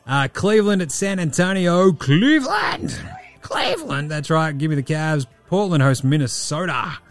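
A man hosting a podcast in casual sports chat, breezy and profane as he rattles off quick-fire picks. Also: mid-range voice. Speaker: podcast host.

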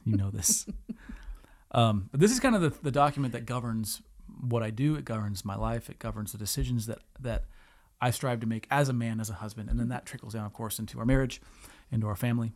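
A man's voice: medium pitch, darkish tone. Earnest man reading scripture aloud. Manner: reads verses slowly and earnestly, laughs easily. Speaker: podcast co-host. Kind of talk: casual chat with scripture reading.

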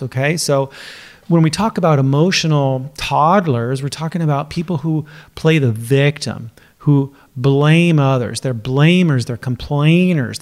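A man's voice: on the high side, a little mellow. A middle-aged man hosting his own podcast as a coach, talking casually and laughing now and then. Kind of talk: casual solo podcast talk.

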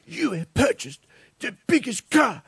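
A man putting on a shrill, scolding voice of an outraged young female activist. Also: sing-song, measured pace, vocal fry, a bit bright, husky, no room sound, heavily acted. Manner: shrieking, scolding.

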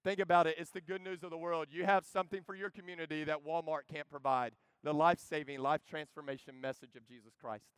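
Male preacher, impassioned, bright-toned high voice, dry close recording. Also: steady tone, fast talker, hardly any pauses, clean tone, no echo. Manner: impassioned, swinging from loud urging to hushed storytelling. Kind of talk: sermon.

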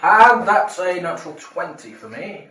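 A man's voice: sits high, sing-song, normal speed, pushed and bright, slight background noise. A man at a tabletop game, giving dry matter-of-fact dice talk. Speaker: player. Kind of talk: casual tabletop play. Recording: roomy room from a far mic with chatter.

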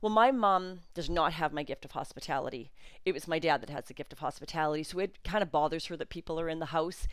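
A woman's voice: deep voice, quick pace, no echo, clean studio sound. A middle-aged woman hosting a podcast, telling a personal story in an emotional, chatty way with frequent fillers. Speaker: podcast host.

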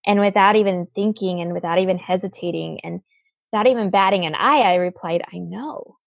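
A woman's voice: fairly low pitch, fairly quick, creaky, no echo, dull audio. A woman guest telling a personal story in an interview, earnest, with lots of "like" fillers.

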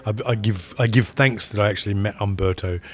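Low-voiced man rambling about his film. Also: steady tone. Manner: rambling, halting, repeats words while searching. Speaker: film director. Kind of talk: interview conversation.

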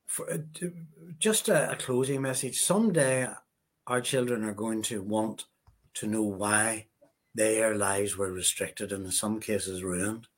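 A man giving an earnest, measured interview answer as a guest. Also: fairly low pitch, steady tone.

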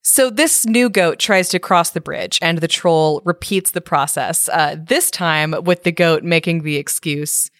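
A woman's voice: fairly low pitch, unhurried, hardly any pauses, fairly bright tone, no room sound, studio quality. A woman co-hosting a casual chat, reading a storybook parody aloud with wry amusement and frequent laughter. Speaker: podcast co-host reading a story.

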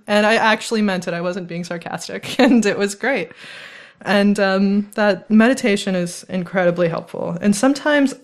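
A woman chatting casually on a recovery podcast, telling stories in an animated way and laughing often. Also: medium pitch, normal speed.

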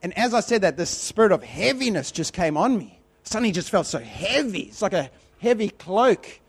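High-voiced man preaching. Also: normal speed, husky. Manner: conversational, repetitive, animated retelling. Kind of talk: sermon with personal storytelling.

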